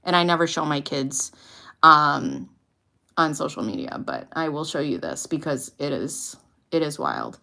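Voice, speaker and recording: Bright-voiced woman telling a blunt story. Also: sits low, measured pace, vocal fry. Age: 30s. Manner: blunt, swears freely, animated retelling. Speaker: podcast host. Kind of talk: casual storytelling to a live audience.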